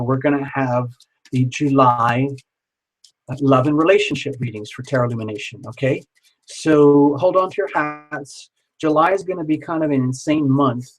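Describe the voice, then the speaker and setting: A man's voice: a little high, low-quality recording. A man hosting a live tarot reading stream, chatting casually and reassuringly with viewers.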